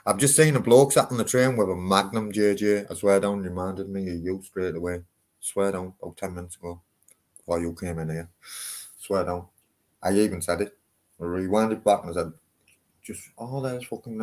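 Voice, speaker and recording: A man's voice: low-pitched, fairly even intonation, moderate pace, a little mellow. A man, talking in a casual, rambling vlog, swearing freely. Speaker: vlogger.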